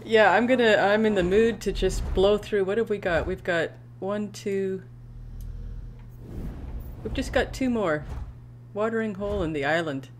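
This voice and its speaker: A woman's voice: mid-range voice, a little slow, pauses often, slight background noise. A woman giving casual gameplay commentary, chatting to her in-game pet companion as she plays. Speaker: let's play gamer.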